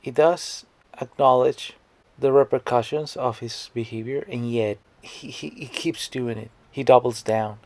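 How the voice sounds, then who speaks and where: Gravelly, stammering male commentator. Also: mid-range voice, a little slow, a little mellow, no room sound. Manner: stammering, scornful, blunt. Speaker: commentary YouTuber. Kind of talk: reaction commentary.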